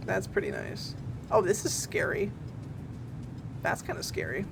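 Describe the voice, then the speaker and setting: Lively, giggly woman streamer. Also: medium pitch, measured pace, creaky, long pauses, a little hiss or hum. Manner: giggly, playful, talks to chat. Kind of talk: casual gaming stream chat. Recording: faint game music behind.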